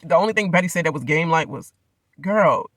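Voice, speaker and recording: A man with a slightly high, sharp-edged voice talks through a reality show episode in a loose, slangy, rambling way and laughs often. His voice sounds close and dry, with no room echo. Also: rapid-fire. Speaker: reality show recap vlogger. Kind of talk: casual reality TV recap.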